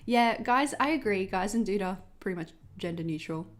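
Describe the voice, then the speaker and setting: Australian woman, young adult, casual livestream host, chatty and bubbly, mid-pitched voice. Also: expressive, normal speed. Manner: chatty, bubbly, talks to chat viewers.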